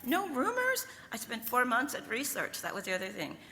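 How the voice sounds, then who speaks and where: A woman's voice: medium pitch, quick pace, gravelly, a little hiss or hum. Older Southern woman telling stories in a hall. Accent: Southern American. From American South. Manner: lively, laughing, asks the audience "okay?" and "right?". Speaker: panel speaker. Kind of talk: storytelling talk with slides. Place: lecture room. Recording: reverberant hall, faint ambience.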